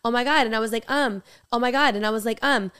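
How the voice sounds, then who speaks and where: A young woman co-hosting a podcast in casual, jokey chat, talking in quick bursts. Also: on the high side, pushed and bright, smooth. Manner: chatty, jokey, talks fast in bursts. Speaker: podcast co-host.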